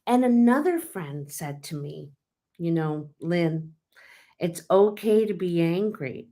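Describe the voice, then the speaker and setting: A woman's voice: fairly low pitch, expressive, slow, mellow. A woman hosting her own vlog, talking in a candid, casual way with many fillers and restarts. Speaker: tarot channel host. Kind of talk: casual personal vlog talk.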